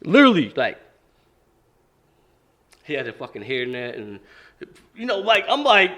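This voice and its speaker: A man's voice: fairly high pitch, a little slow, long pauses. A man, a boxing coach, telling stories as a podcast guest in a casual, profane way. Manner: animated, profane, acts out quoted speech. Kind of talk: casual interview storytelling.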